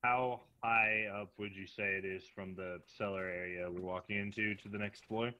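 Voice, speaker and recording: Very bright-voiced male player. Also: lowish voice, fairly even intonation, moderate pace, muffled recording. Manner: hesitant, inquisitive. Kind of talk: asking questions about the scene. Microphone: voice call.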